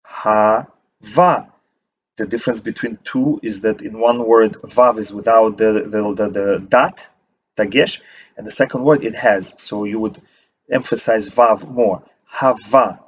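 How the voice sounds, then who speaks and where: A man teaching a language lesson, reading word lists aloud and pausing to give short meanings. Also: lowish voice, steady tone, a little hiss or hum. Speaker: Hebrew teacher. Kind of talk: slow vocabulary reading lesson.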